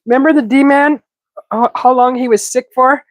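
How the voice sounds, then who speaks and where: A woman's voice: high voice, fairly even intonation, normal speed, low-quality recording. A woman hosting a casual live cooking stream, sniffling from a stuffy head cold and chatting with viewers as she cooks. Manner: chatty, reads viewer comments aloud while cooking. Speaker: cooking livestream host.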